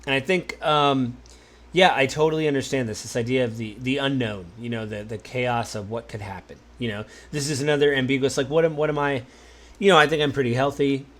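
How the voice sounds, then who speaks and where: A married man hosting a podcast, talking in a relaxed, musing way, with many fillers and restarts. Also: medium pitch, a little fast. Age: adult, married. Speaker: podcast host. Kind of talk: casual solo podcast talk.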